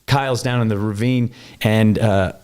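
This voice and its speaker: A man from Wyoming telling a long story in casual conversation, animated and jumping up in pitch when he acts out what people said. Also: normal speed, clean tone. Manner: animated, acts out quoted voices with big pitch jumps. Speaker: guest.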